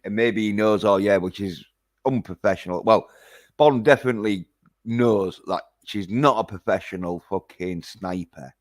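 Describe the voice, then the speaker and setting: A man's voice: fairly low pitch, moderate pace. A man recapping a film in a casual, rambling way, full of hesitations and swearing. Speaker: film reviewer.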